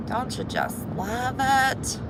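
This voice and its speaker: A woman's voice: high-pitched, huge pitch swings, slow pace, heavy background noise. A West Virginian woman live-streaming from her car on a mountain drive. She chats in a folksy way and calls her viewers "y'all.". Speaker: vlogger. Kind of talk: casual livestream commentary. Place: inside a car driving mountain roads. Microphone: handheld phone while driving.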